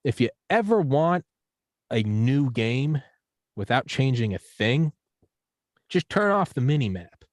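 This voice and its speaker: A man's voice: mid-range voice, a little slow, pauses often, dry recording. A man talking as a guest on a podcast in a casual conversation. He rambles, swears freely and acts out little examples as he goes. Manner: profane, rambling, animated with acted-out examples.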